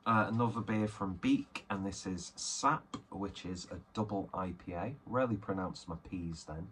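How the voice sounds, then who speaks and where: A man's voice: sits low, normal speed, slight background noise. A man chatting casually and self-deprecatingly as he unboxes and reviews beers, rambling with many fillers. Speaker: beer reviewer.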